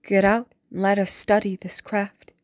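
Composed scheming noble mom, read by a woman, soft and controlled, slow and close-sounding. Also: medium pitch, flat delivery, no room sound, close to an everyday voice. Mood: firm. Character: composed, cunning noblewoman mother.

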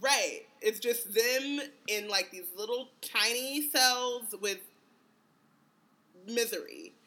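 Podcast co-host with a bright, forward voice. Casting a woman with slangy, jokey delivery. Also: a little high, slow pace. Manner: animated, slangy, jokey asides. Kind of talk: casual chat.

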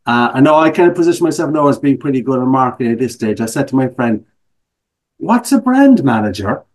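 A man's voice: medium pitch, very animated, fairly quick. A middle-aged man from Ireland with an Irish accent, a guest speaker telling stories in a casual interview with self-mocking humor.

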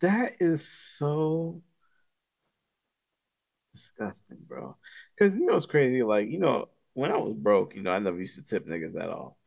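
Gravelly man on a dull lo-fi mic. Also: medium pitch, very animated, normal speed, long pauses, darkish tone. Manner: blunt, profane. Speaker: podcast co-host. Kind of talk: casual podcast chat. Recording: dull lo-fi sound.

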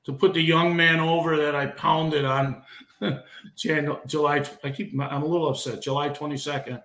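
Brief: emotional middle-aged veteran wrestler, a touch high, impassioned with stumbling restarts, echoey room. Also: male voice, little pitch movement, normal speed, fairly bright tone. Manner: impassioned, repeats and restarts words. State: emotional, getting heated. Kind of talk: podcast interview.

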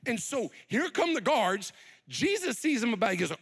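A man preaching a sermon, retelling a story with lively, acted-out quotes. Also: extremely high pitch, moderate pace. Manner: animated, acts out scenes with quoted voices. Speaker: pastor.

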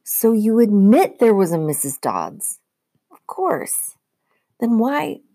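A woman's voice: medium pitch, big pitch swings, takes it slowly, warm tone, no room sound, clean studio sound, pitched above the performer's own voice, exaggerated voice. Grover, a woman voicing a jittery teenage boy satyr. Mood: insistent. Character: nervous loyal teenage boy satyr, defensive.

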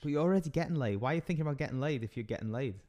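A man's voice: on the high side, lively intonation, racing, a little mellow. Teasing, profane male podcast host. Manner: teasing, profane, mock-grumpy. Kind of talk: casual comedy podcast banter.

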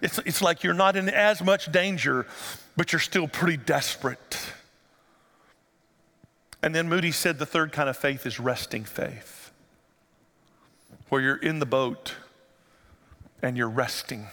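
Bright-voiced preacher in a reverberant church. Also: male voice, on the high side, a little slow, pauses often. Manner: animated, asks the congregation rhetorical questions. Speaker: pastor. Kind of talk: sermon. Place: church sanctuary. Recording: long hall reverb.

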